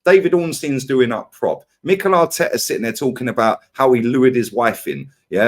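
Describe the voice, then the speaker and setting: A man ranting in a heated football fan debate, firing rhetorical questions at his co-host. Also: medium pitch. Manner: ranting, animated, rhetorical "yeah?" and "right?".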